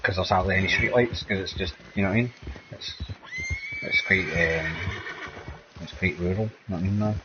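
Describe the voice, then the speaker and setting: A man's voice: sits low, steady tone, fairly quick, pauses often, lo-fi sound, heavy background noise. A man with a Scottish accent chatting casually while playing a game, rambling and tagging nearly every sentence with "man" or "mate". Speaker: gameplay streamer. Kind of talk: casual gameplay chat.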